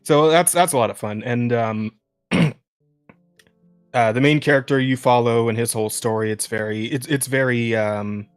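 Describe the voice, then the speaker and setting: A man's voice: mid-range voice, moderate pace, smooth, soft background music. Rambling, cursing young man on a podcast. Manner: rambling, profane, laughs often, many restarts. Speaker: podcast co-host. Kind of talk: casual chat.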